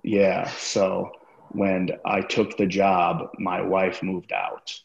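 A man's voice: low voice, level tone, drawn-out words, vocal fry. A man as a podcast guest, telling a long story in a casual, profane and rambling way with many fillers. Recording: roomy, slightly dull sound.

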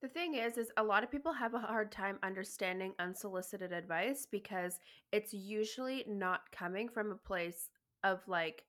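A woman's voice: mid-range voice, normal speed, fairly bright tone. A woman co-hosting a casual chat, emphatic and passionate, cursing now and then.

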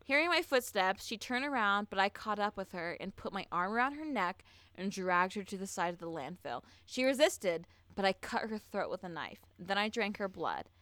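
A woman's voice: medium pitch, sing-song, normal speed, a bit bright, no echo. A woman co-hosting a podcast, telling a true-crime story in blunt, profane, casual chat full of fillers.

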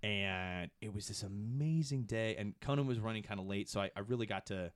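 A middle-aged man with a fairly low speaking voice talks in a casual podcast chat. He tells stories with mounting excitement, his voice leaping up high at the peaks. The sound is dry and close. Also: a little fast, smooth, no room sound. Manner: excitable storyteller, swings to high animated peaks. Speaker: podcast producer.

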